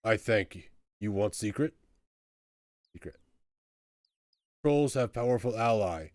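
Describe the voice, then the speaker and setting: A starving, sulking troll in a jail cell, talking in halting broken words, as a man puts him on. The voice is low and gruff, slow and grunting, recorded dry and close. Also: expressive, a little mellow, dry recording.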